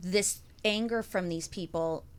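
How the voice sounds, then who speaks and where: A woman's voice: on the low side, a little slow, smooth. A woman co-hosting a podcast in casual chat, thinking aloud with lots of "like" and restarts. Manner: thoughtful, rambling, full of "like" and restarts.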